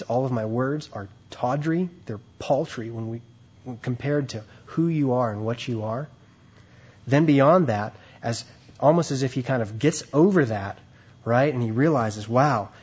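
A man's voice: mid-range voice, breathy edge, dull audio. A man preaching a sermon, reading scripture aloud and explaining it in a conversational way with frequent "right?" and "okay?" asides.

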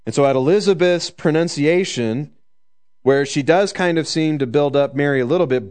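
A man preaching a conversational sermon, joking in asides and slowing down to stress the scripture. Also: on the high side, darkish tone.

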